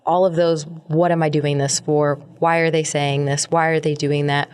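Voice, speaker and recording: A woman's voice: deep voice, flat delivery, moderate pace, a little mellow, clean tone. A young woman hosting her own podcast, talking alone in a rambling, reflective way, often repeating words and trailing off with fillers. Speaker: podcast host. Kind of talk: reflective solo monologue.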